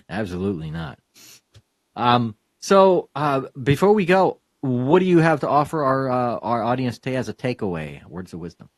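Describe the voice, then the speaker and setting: A man's voice: mid-range voice, expressive, moderate pace, gravelly, no room sound. A man hosting a casual interview, rambling with fillers and laughing often. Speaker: podcast host.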